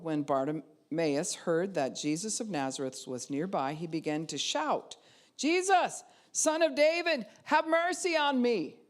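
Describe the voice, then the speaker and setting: A woman pastor with a low-pitched voice preaches a sermon, retelling a scripture story. She gives its figures lively voices and rises to loud cries at the story's peaks.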